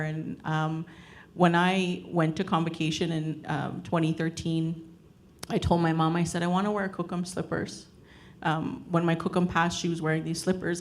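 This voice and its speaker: A woman with a low, gravelly voice tells a personal story to an audience at a panel. Her pitch stays flat as she speaks earnestly, pausing often with fillers. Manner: earnest, halting, many fillers. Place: event hall with audience.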